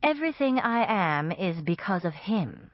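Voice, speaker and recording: A woman voicing a calm, apologetic male vampire who betrays his friends. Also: on the low side, moderate pace, no room sound. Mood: earnest. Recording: dull, dry audiobook recording.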